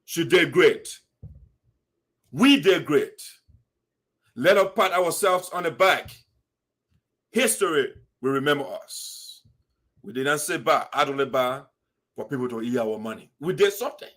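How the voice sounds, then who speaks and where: A man with a high-pitched voice speaks in a passionate monologue. He scolds with rhetorical questions and quotes scripture, in the manner of a preacher addressing his community. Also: lively intonation, unhurried, pauses often, a bit bright. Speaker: diaspora community commentator. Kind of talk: impassioned commentary monologue.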